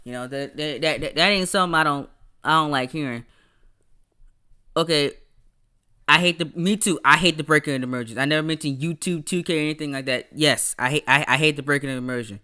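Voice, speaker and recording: Bright-voiced animated man ranting casually. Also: a little high, a little fast, smooth. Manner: animated, stammers and repeats words; rants, laughs often. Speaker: podcast host. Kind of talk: casual livestream chat.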